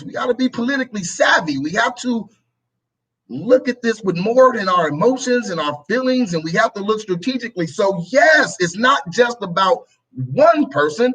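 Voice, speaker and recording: A man's voice: high voice, a bit bright, husky, rough recording. A male talk show host delivering a preachy political commentary monologue, repeating his phrases and acting out both sides of an argument.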